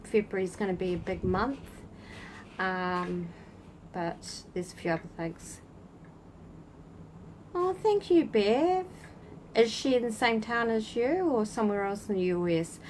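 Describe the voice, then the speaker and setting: Here a spiritual channel host chats with livestream viewers by name while seated outside on a breezy night. She speaks in a mid-range voice at normal speed, and the low-quality recording carries slight background noise.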